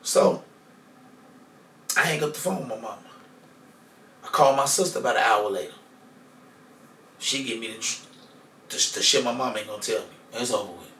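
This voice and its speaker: A man on a podcast telling a personal story in a casual, profane way, going from loud to hushed. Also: mid-range voice, moderate pace, long pauses. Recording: echoey room, mic far off, faint noise.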